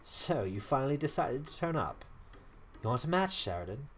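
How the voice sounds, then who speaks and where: A man voicing a curt young male rival who brushes others off, speaking low and clipped. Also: big pitch swings, moderate pace. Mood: taunting. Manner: brusque, dismissive.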